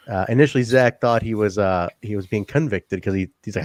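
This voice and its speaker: Man, podcast co-host, casual joking chat, animated delivery, dry close sound. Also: fairly low pitch, fairly quick, few pauses, no room sound. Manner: animated, joking, swearing, laughs often. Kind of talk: casual wrestling review chat.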